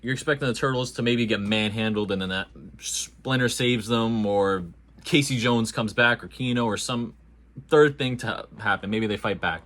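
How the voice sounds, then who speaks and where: A man with a fairly low voice reviews a movie in a loose, casual way. He talks with lively energy, full of slang and jokes. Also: moderate pace. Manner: animated, slangy and jokey.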